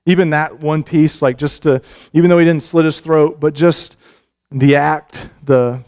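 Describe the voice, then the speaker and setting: A male pastor giving a sermon, telling a scripture story with animated, repetitive phrasing and frequent restarts. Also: on the high side, measured pace.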